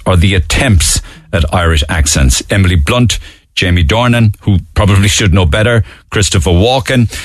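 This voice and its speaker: A man's voice: lowish voice, no echo. A man with a Cork accent hosting a radio show in casual, chatty, mocking talk. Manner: chatty, mocking, laughs easily.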